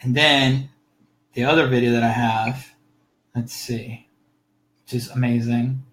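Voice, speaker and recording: A man's voice: mid-range voice, steady tone, a little slow, fairly bright tone, a little hiss or hum, rough recording. A man co-hosting a podcast in loose casual chat, laughing easily and swearing freely, speaking English as a second language. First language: not English. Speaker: podcast co-host.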